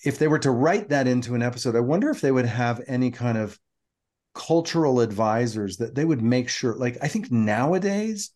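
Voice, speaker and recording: This is a middle-aged man co-hosting a podcast who walks through an episode recap in an easygoing, storytelling way. His voice sits at a middle pitch for a man, and he pauses often with "uh"s as he gathers his thoughts. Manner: relaxed storytelling with frequent fillers. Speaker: podcast co-host.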